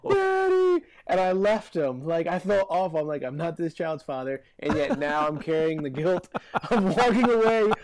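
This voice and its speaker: A man's voice: a little high, normal speed, few pauses. A man co-hosting a casual podcast chat, telling rambling stories and laughing often.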